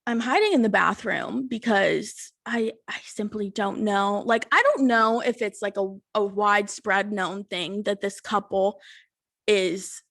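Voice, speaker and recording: A woman's voice: mid-range voice, measured pace, gravelly, a bit bright, dry recording, studio quality. Blunt, swearing young woman telling stories. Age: 20s. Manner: blunt, swears a lot, exasperated retelling. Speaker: podcast host. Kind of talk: casual storytelling monologue.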